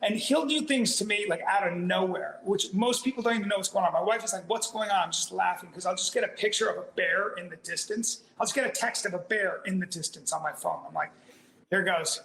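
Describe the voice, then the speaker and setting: A man, a comedian, telling a long funny anecdote, acting out his own reactions with sudden loud exclamations and laughing as he goes. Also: high-pitched, fairly quick, creaky, reverberant, low-quality recording. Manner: laughs through his story, frequent "like" fillers. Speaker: comedian guest.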